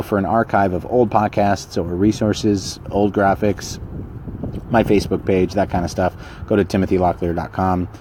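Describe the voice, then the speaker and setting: A man with a very deep voice talks through a casual motivational monologue as a podcast host. He speaks bluntly and conversationally, often doubling back and restarting phrases. Faint noise sits under the recording. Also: mellow.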